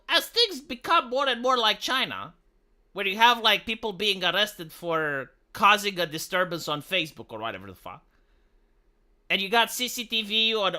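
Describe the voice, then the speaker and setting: A male live streamer from Romania rants with heated, profane indignation. His voice is very bright and sharp-edged, and his pitch swings widely as he restarts his sentences. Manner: stumbling restarts. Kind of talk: ranting commentary on a live stream.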